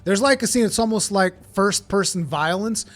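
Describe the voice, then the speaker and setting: A man's voice: high voice, normal speed, a bit bright. A man streaming a game, chatting casually and rambling with plenty of swearing. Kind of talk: casual live-stream chat.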